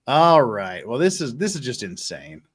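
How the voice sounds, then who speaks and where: A man's voice: mid-range voice, very animated, normal speed. A man hosting a casual livestream chat, reading viewer messages aloud and laughing easily. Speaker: host.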